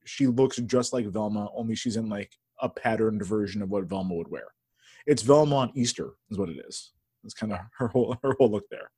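A man's voice: on the low side, fairly quick, dark tone, slightly rough, no room sound, clean studio sound. A man in his thirties co-hosting a podcast, joking bluntly in casual chat and swearing freely. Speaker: podcast co-host.

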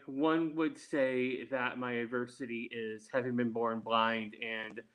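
Man, interview guest, unhurried delivery, mid-pitched voice, careful explanations. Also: a bit bright, rough recording. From Texas. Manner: measured, deliberate, explanatory. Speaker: guest, attorney. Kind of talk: interview answers.

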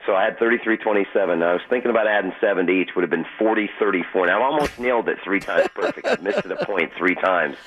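A man calling in to a radio show as a sports betting guest, telling his stories in a boastful, rapid way. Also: deep voice, fairly bright tone, husky. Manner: boastful, fast storytelling. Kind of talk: casual radio interview. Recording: phone-line call-in audio.

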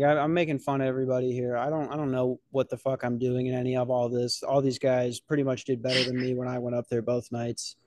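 A man's voice: mid-range voice, darkish tone, no echo, clean studio sound. A man hosting a podcast, telling a rambling story about open mic comedy in a casual, profane way with lots of restarts. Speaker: podcast host and novice stand-up comic.

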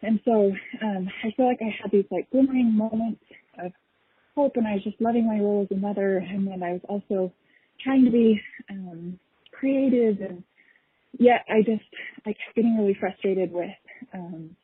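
A young woman telling a personal story, halting and emotional, with many pauses and fillers. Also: mid-range voice, husky, no room sound. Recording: tinny phone-like recording.

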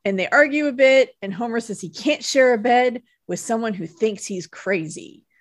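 A woman's voice: a little high, normal speed, no echo. A woman co-hosting a podcast, chatting casually and giggly about an episode. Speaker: podcast co-host. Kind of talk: casual chat.

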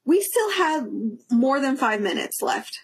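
A young woman telling a story in casual chat, animated, acting out quotes and laughing. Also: high-pitched, a little slow.

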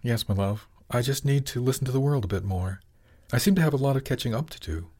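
A man voicing a calm, dreamy husband who works as a shaman and speaks quietly and simply. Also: mid-range voice, fast talker, lightly acted.

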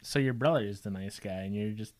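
Teasing man with deadpan jokes. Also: fairly low pitch, quick pace. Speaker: podcast co-host. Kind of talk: casual banter.

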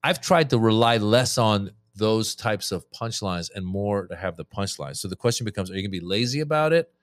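A male comedian guesting on a podcast spins stories in casual chat, animatedly acting out his crowd-work exchanges with audiences. His voice is lowish and a little fast, with no echo.

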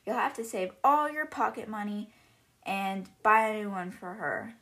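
Angry bullying dad, slow and scornful, played by a woman retelling the book. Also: mid-range voice, lively intonation, fairly bright tone. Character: angry bullying father, contemptuous.

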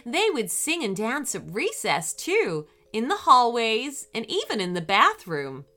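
A woman hosting a children's story podcast, telling the story in an animated storyteller's manner. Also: on the high side, unhurried.

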